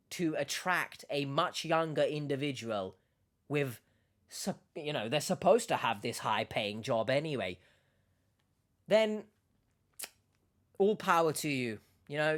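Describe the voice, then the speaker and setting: A male YouTube commentator talks through his thoughts in a loose, casual way. He is sarcastic, tends to ramble, and often stumbles over a word and starts it again. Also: fairly high pitch. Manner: rambling, sarcastic, self-correcting.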